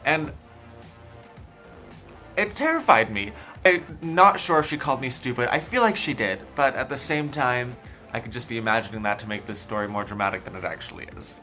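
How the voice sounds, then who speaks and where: A young man vlogging a casual story in an animated, exasperated, self-mocking way. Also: mid-range voice, a little fast, soft background music. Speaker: YouTuber.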